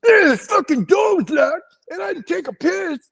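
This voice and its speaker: A man putting on a drunk, whiny young guy, yelling his grievances in long, stretched-out bellows. The voice shoots up high above a normal speaking pitch and strains. He acts it out while telling a story. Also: big pitch swings, vocal fry, exaggerated voice. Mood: shouting. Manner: loud, drawn-out complaining shouts.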